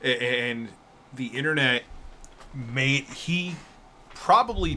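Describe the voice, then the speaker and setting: A man in a casual stream chat, thinking aloud in halting phrases. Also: mid-range voice, sharp tone, slight background noise.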